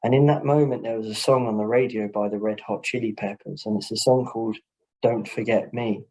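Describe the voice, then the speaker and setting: A man's voice: on the low side, fairly even intonation, a little fast, darkish tone, slightly rough, rough recording. A man, a social worker, sharing a heartfelt personal story in a webinar discussion over a video call, speaking earnestly and often saying "you know".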